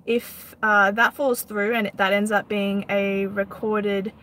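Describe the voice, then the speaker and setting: A woman's voice: mid-range voice, level tone, slow, a bit bright, slight background noise. A woman vlogging in a casual, indignant storytelling monologue, retelling an argument. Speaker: political vlogger.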